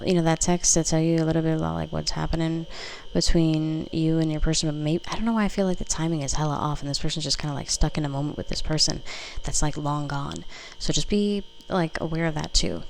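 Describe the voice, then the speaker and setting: Low, gravelly-voiced woman reading tarot. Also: steady tone, fast, a little hiss or hum, poor audio. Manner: rambling, casual, with many fillers and mild swearing. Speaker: tarot reader. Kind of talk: casual tarot pick-a-card reading. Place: home room. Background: faint mini fridge buzz.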